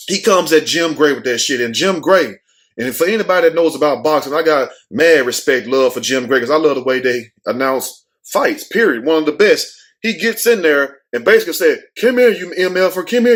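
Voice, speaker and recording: Guy ranting casually, swears a lot, kinda high voice, acts out quotes. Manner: blunt, animated, swears freely, acts out quotes. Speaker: host. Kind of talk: casual commentary.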